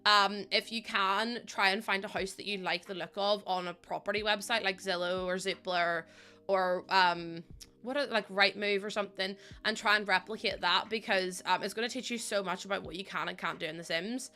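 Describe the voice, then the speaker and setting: A young woman live streaming, thinking aloud as she builds and warmly thanking viewers by name. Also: mid-range voice, steady tone, moderate pace, soft background music. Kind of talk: casual live-stream chat while building in a game.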